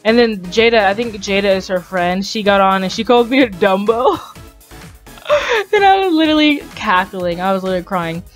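A woman gaming YouTuber giving casual game commentary, chatty and excitable, rambling along and often laughing. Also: medium pitch, brisk, faint music behind.

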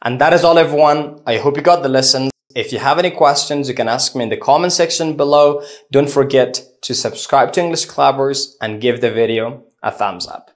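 A man teaching an English phrasal verb lesson, reading out explanations and lists of example sentences slowly and deliberately. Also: medium pitch. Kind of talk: scripted lesson narration.

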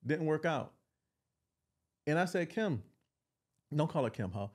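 A man who is a guest on a podcast, talking in casual chat in a playful, joking, animated way. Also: a little high, normal speed.

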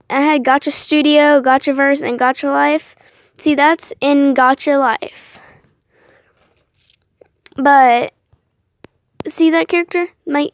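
A young woman vlogging casually, rambling and apologizing a lot between lots of fillers, with excitable bursts. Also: high voice, no echo, studio quality.

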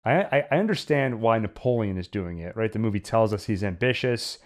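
Male podcast co-host, lower voice, thoughtful film talk with restarts. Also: lively intonation, a little fast. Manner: reflective, stammers on restarts. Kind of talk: casual film discussion.

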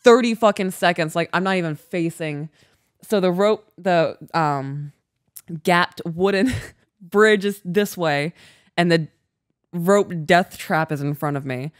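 A woman co-hosting a podcast, telling a story in casual chat, animated, swearing and laughing often. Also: on the low side, takes it slowly, no room sound, studio quality. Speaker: podcast co-host.

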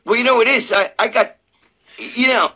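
An older man co-hosting a live show from his sister's house, telling loud, profane stories in casual chat. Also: extremely high pitch, moderate pace, breathy edge. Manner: loud, profane, animated storyteller. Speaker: co-host of a bodybuilding live show.

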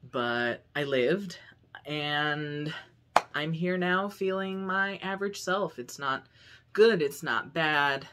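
A man's voice: fairly high pitch, takes it slowly, background noise. A young man chatting casually to camera at home for his vlog, upbeat and rambling, with lots of fillers. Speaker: vlogger. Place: home room.

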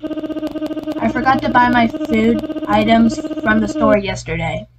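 A woman's voice: on the high side, expressive, slow, very noisy. A woman voicing a grumpy woman who has just been woken up in a video game, drowsy and irritated. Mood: groggy.

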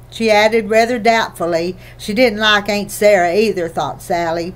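A woman narrating a children's novel in a gentle, even storytelling manner. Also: mid-range voice, moderate pace, hardly any pauses. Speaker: audiobook reader.

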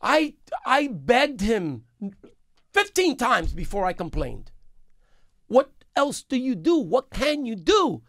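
In a radio studio, a male business owner gives an impassioned, emphatic interview into a studio microphone. His voice is very high, with huge pitch swings, and he takes it slowly. The recording is dry, and his delivery turns heated and forceful.

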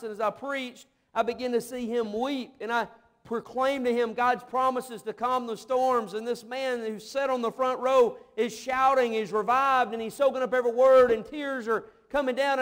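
Man preacher with a high voice, emotive storyteller, preaching from a church pulpit. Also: a bit bright. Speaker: missionary pastor. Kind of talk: sermon. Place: church sanctuary.

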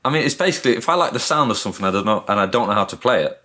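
Northern english guy, lowish voice, rambly and modest, just chatting as a guest. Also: lively intonation, very fast, pushed and bright. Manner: modest, self-deprecating, rambling. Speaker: guest guitarist. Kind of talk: casual interview chat.

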